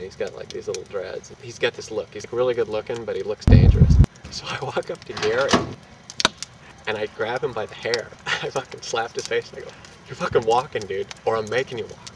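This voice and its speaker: A young man telling a rowdy anecdote in casual, profane, animated fashion, laughing between lines. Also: lowish voice. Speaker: storyteller. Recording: distant mic with street and traffic noise.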